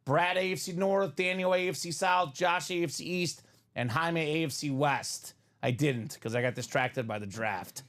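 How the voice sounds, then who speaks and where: A man's voice: a little high, normal speed, fairly bright tone. Chatty male breaks host. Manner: upbeat, chatty, reads viewer names aloud. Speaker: host of a live card break stream. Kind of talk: live stream banter and play-by-play.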